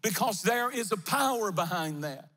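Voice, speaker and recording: A man's voice: high voice, animated, moderate pace, fairly bright tone. A middle-aged man, a pastor preaching a fervent, sing-song sermon in a near-empty church.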